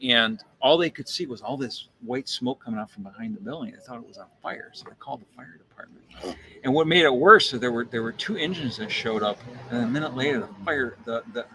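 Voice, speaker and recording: A man's voice: medium pitch, a little hiss or hum. A man who roasts coffee, telling a casual story, acting out quotes and repeating words as he thinks. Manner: animated anecdote with acted-out quotes. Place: coffee shop.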